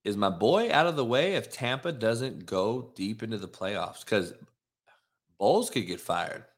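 Animated and fairly low-voiced, this man hosts a laid-back sports talk stream at a measured pace. Cursing liberally, he works himself up and talks right to the chat.

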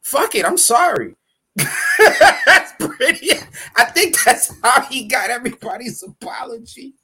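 Animated, profane man in casual chat. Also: very high-pitched, measured pace, breathy edge. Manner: animated, profane, laughs often, acts out quotes.

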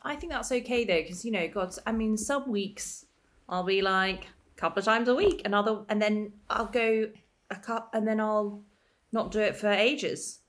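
A woman's voice: mid-range voice, fairly even intonation, moderate pace. A woman co-hosting a podcast, earnest and encouraging in casual chat. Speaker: podcast co-host.

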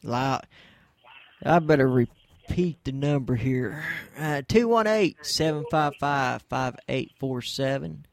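A man's voice: medium pitch, slow, vocal fry. A man hosting a casual internet radio show, laid-back and playing along with callers. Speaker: host.

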